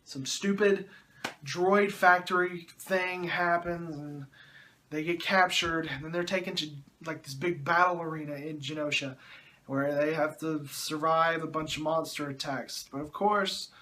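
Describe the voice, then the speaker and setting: A man gives a movie review with plenty of sarcasm and exasperated groans. His voice sits high for a man, and he keeps slipping into mocking asides. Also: fairly even intonation, a little slow, sharp tone, a little hiss or hum.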